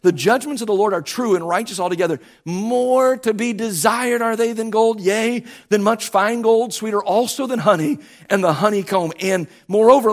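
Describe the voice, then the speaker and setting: A male preacher delivering a sermon, emphatic and repetitive, swinging from near-shouts to low, quiet stretches, his voice starting to go hoarse. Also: normal speed, hardly any pauses. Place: church sanctuary.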